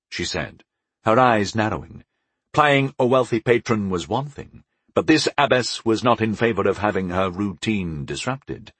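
A man telling a first-person fantasy story in a wry, measured manner. His husky voice moves with lively swings of pitch. The recording is dry, with no room sound. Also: no room sound. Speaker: audiobook narrator.

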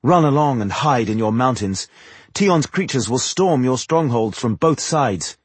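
A man voicing a proud, scornful sorceress woman in an audiobook, speaking bluntly with a husky voice. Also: medium pitch, animated, a little slow, dry recording.

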